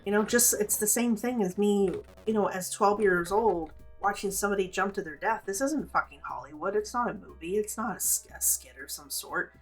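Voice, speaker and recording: A woman's voice: medium pitch, normal speed, few pauses, faint music behind. A woman in her thirties streaming a game, talking in a rambling, profane, candid way as she plays. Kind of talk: casual gameplay commentary.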